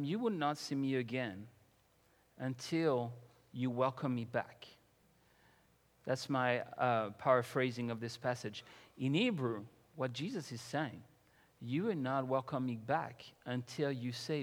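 A man preaching a sermon as pastor, reading scripture and building to loud, impassioned emphasis. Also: mid-range voice, in a large hall.

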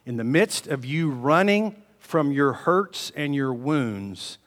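Man preaching, animated storytelling, gets loud then quiet, sounds like a big echoey hall. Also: medium pitch, slow pace. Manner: animated storytelling, swings between loud and hushed. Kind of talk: sermon. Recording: long reverb of a large hall.

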